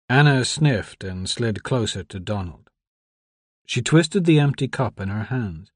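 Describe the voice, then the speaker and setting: This male audiobook narrator reads a script at a medium pitch, keeping his storytelling measured and steady. The sound is dry and clean, like a studio recording.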